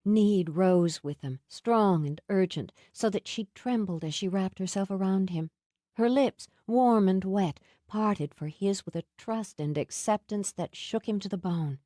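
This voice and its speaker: Romance audiobook narrator: a woman, soft and intimate, warm lower voice, dry studio. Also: expressive, measured pace, no echo. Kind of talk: scripted narration.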